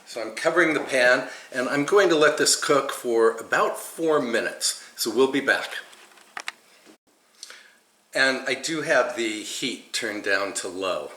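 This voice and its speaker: Male cooking host, bright and chatty, slow delivery, recorded in a roomy kitchen. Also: mid-range voice, lively intonation, a little hiss or hum. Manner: chatty, enthusiastic, talks through each step. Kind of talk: home cooking demonstration. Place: home kitchen.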